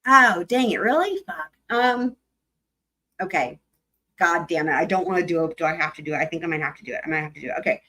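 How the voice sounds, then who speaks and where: A woman's voice: on the low side, fast, sharp tone. A young adult woman hosting a livestream, chatting casually with viewers, rambling and laughing, swearing freely. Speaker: livestream host.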